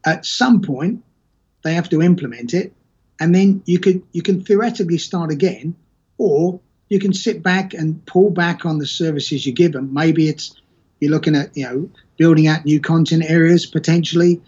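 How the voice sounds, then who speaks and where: A man's voice: on the high side, normal speed, darkish tone, slightly rough, lo-fi sound. A man in casual conversation, rambling and correcting himself as he tells stories and gives advice on running an agency. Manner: rambling, self-correcting storyteller. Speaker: podcast guest.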